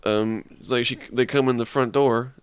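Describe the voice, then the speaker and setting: Man, mid-pitched, deadpan comic, mumbled asides, dry studio mic. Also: moderate pace, clean tone, dry recording. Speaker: podcast co-host. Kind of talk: crude comedic banter.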